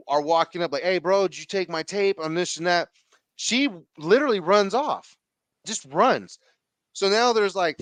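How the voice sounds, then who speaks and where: Guy telling a wild story, lots of slang and swearing, slightly higher voice, super dry sound. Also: dry recording. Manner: slangy, profane, animated retelling with acted quotes. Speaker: podcast guest. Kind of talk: casual storytelling.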